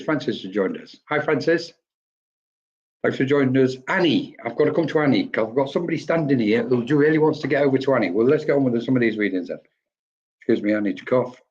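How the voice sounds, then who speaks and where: A chatty man talks through spirit readings on a live stream. He rambles, greets viewers by name and laughs easily, and his voice sits at an ordinary middle pitch. The audio is slightly dull and lo-fi. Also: animated, a little fast. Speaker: medium giving spirit readings.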